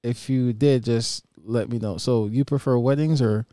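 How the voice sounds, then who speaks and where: A laid-back man with a smooth, resonant voice keeps the chat moving and reads out questions from viewers. He is recorded close and dry. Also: medium pitch, steady tone, moderate pace, dark tone, no room sound. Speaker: podcast co-host, DJ. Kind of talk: casual chat.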